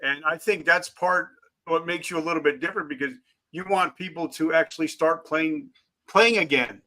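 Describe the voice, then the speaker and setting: A man's voice: a little high, moderate pace, bright, forceful tone. A man hosting a podcast who asks his guest questions in an encouraging, conversational way. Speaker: podcast host. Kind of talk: interview questions.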